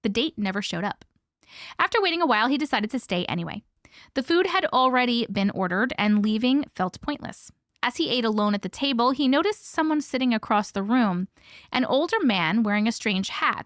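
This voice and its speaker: A woman hosting a casual live stream, chatting with viewers and reading stories aloud with hushed dramatic pauses. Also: a little high, lively intonation, no echo, clean studio sound.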